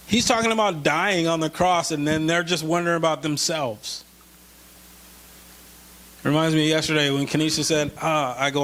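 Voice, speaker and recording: A male pastor preaching a conversational sermon in a church, slowing down for scripture and rising when he voices a plea. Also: on the high side, a bit bright. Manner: conversational, slows for scripture, rises when pleading.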